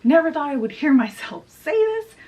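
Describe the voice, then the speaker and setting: A woman voicing an anxious, earnest fairy godmother in a high, urgent voice. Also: big pitch swings, moderate pace, mellow.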